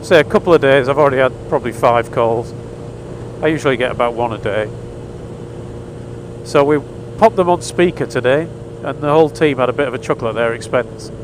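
A man's voice: medium pitch, a little fast, background noise. A man chatting wryly and with some exasperation as he tells a story while riding a motorcycle. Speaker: motorcycle vlogger. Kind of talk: casual storytelling monologue. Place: outdoors on a motorcycle.

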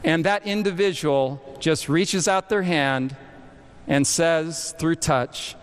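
A man preaching a sermon to a camp meeting audience, animated and questioning the crowd directly. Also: high-pitched, takes it slowly. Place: large hall with audience. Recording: long hall reverb.

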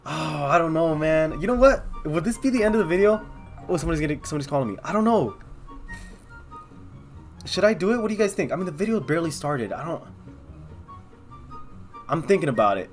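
A young man giving excitable, casual commentary on his own gameplay, thinking aloud and talking straight to his viewers. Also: on the high side, brisk, pauses often, faint music behind. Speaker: gaming video host.

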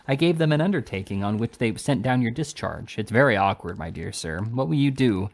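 A man reading aloud and voicing a shrewd, fussy little lawyer who speaks quickly and jumps high on his key words. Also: animated, gravelly. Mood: brisk.

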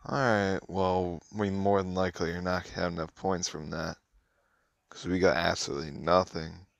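A man with a very low, deep voice talks through a mobile card game in an offhand, muttering way. The sound is dry and close, with no room around it. His commentary stays relaxed and conversational. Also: moderate pace, vocal fry, no room sound. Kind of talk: casual gameplay commentary.

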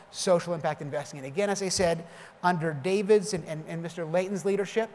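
A man's voice: high-pitched, fairly quick, darkish tone. Man giving a keynote in a hall. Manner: storytelling, emphatic, jokey asides. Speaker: keynote speaker. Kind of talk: conference keynote speech. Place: large conference hall. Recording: reverberant hall with faint noise.

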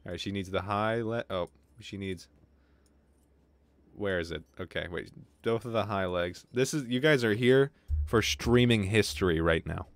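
A young man commentating his game on a livestream, excitable and swearing, with quick outbursts of frustration. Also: fairly low pitch, no room sound. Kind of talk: casual gaming livestream commentary.

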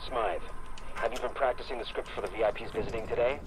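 An actor playing a stressed male workplace supervisor who gives brisk, stern warnings. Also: mid-range voice, fairly even intonation, natural voice, poor audio. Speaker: supervisor in an audio log.

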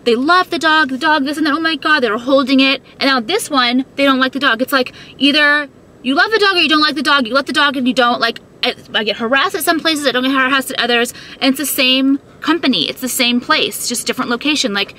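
A woman's voice: sits high, fast talker, pushed and bright. A woman vlogger filming herself on a phone, venting to camera in an upset way, swearing often and filling her talk with "like". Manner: upset, swearing, full of 'like'. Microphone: phone held while filming.

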